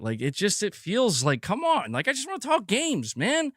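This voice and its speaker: A young adult man streaming about games, venting in a profane, animated way and acting out mock quotes of his critics. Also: high-pitched, moderate pace, hardly any pauses, dry recording, studio quality. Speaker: gaming streamer. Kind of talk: casual livestream rant.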